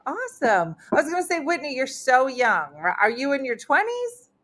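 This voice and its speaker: A woman's voice: high-pitched, very animated, moderate pace, fairly bright tone. Chatty middle-aged woman hosting a live chat. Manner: chatty storyteller with many fillers. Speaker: comedian and show host. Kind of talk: casual live-stream chat.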